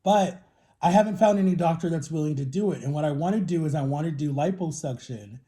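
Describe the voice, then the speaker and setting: A man's voice: a little high, quick pace, warm tone. A man in his thirties chatting casually to the camera while he eats, telling long rambling stories about his own life. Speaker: vlogger.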